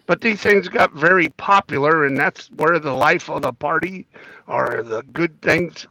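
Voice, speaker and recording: A man co-hosting a loose, joking talk show, his voice still rough from the morning. His tone is bright and a little raised, and the sound is dry and close to the mic. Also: a little high, unhurried, no echo, rough recording. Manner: joking, reads trivia aloud with stumbles. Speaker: podcast co-host. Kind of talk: casual chat.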